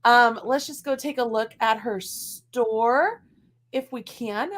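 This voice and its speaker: High-pitched lady host, chatty, going thru patterns live. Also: slow pace, a bit bright. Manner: chatty, talks to her dog while scrolling. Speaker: host of a live craft stream. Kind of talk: casual live-stream chat.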